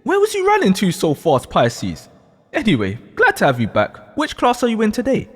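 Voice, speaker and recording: A man's voice: high voice, huge pitch swings, normal speed, big-room sound, full character voice. A man voicing a friendly, cheerful school head teacher in a spoken story.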